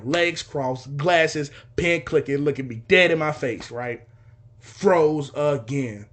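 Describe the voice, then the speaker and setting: A man's voice: fairly high pitch, breathy edge. A young man casually telling a story from his childhood, acting out dialogue with sound effects. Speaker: podcast host telling a story.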